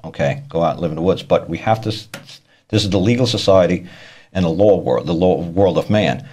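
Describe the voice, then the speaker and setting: His voice sits low and mellow, and his delivery is brisk. This speaker on law and court tactics gives a casual explanation of court matters, wandering and repeating points while acting out the people he quotes.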